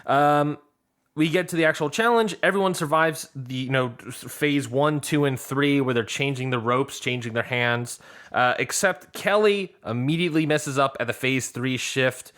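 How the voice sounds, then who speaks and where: A man's voice: mid-range voice, moderate pace. A man co-hosting a casual podcast, breaking down each episode with enthusiasm. He recaps the plot and acts out the players' lines as he goes. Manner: animated retelling, acting out the players' lines. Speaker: podcast co-host.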